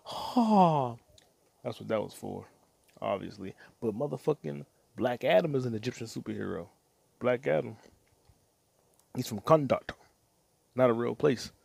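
Hosting a podcast alone, a man drifts from topic to topic in a crude, profane monologue, muttering to himself. His voice is mid-range with vocal fry, and there is no room sound.

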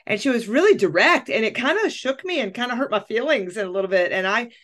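Expressive woman telling a personal story. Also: fairly high pitch, fast. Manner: expressive storyteller, acts out her own thoughts. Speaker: coach and podcast host. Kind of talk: casual conversation.

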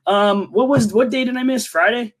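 A young man co-hosts a casual podcast in a high-pitched voice. He talks loosely and jokes around, cursing freely as he chats with his friend. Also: moderate pace. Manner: loose, joking, swears freely. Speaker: podcast co-host. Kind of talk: casual chat.

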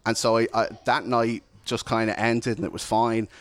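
A man speaking in a candid, earnest, reflective way as he shares his own life story. His voice sits at an ordinary middle pitch for a man, and the talk runs like a plain personal testimony. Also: little pitch movement, moderate pace, fairly bright tone, dry recording.

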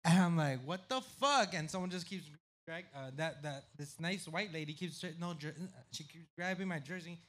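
High-voiced guy on a podcast, real bright and lively, yells and swears a lot, acts out the crowd voices, some noise behind. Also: moderate pace, few pauses. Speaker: podcast guest. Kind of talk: casual storytelling chat.

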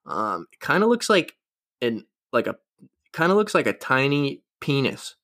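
Young man, podcast host, bright tense voice, rambling, crude self-mocking humor. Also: medium pitch, big pitch swings, normal speed. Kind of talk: casual solo podcast chat.

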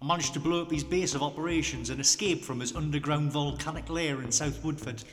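A man, deadpan, playing the lead and narrating a comedy audio drama. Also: a little high, a little fast, long reverb tail.

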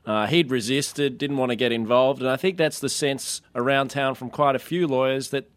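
Measured Australian man, dry sound. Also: medium pitch, clean tone, no room sound. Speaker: correspondent. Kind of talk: guest analysis.

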